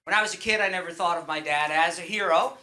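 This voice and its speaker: A man's voice: high-pitched, fast, bright, forceful tone. A middle-aged man from Long Island performing a stand-up comedy set on a club stage, rambling loosely with fillers and restarts. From Long Island, New York.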